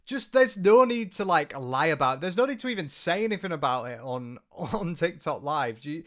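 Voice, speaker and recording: Exasperated British man, fairly high voice. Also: expressive, moderate pace, fairly bright tone. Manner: exasperated, sarcastic, swears freely. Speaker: commentary channel host. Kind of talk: ranting commentary.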